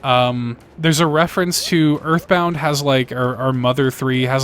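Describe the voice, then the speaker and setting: A man's voice: mid-range voice, steady tone, unhurried, hardly any pauses, a bit bright, slight background noise. A man giving casual, laid-back commentary over gameplay, full of fillers like "like" and "you know". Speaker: game reviewer.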